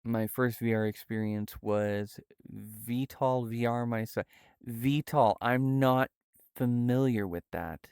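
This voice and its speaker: A young man streaming live, speaking in a halting, soft-spoken way with many fillers. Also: medium pitch, creaky, smooth, no room sound, studio quality. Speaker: livestreamer. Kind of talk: casual livestream chat. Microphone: VR headset setup.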